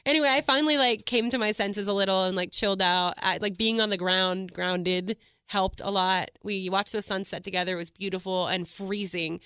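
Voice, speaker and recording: A woman's voice: medium pitch, fairly even intonation, fairly quick, few pauses, bright, forceful tone, smooth, no echo. A young adult woman hosting a podcast, chatting casually and acting out quotes in her stories. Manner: chatty storyteller, acts out quotes with laughs. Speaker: podcast host. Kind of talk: casual chat.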